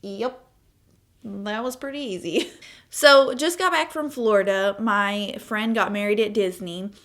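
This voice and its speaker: A 25-year-old beauty vlogger chats casually through a makeup tutorial, telling stories with asides and laughs. Her mid-range voice is a bit bright.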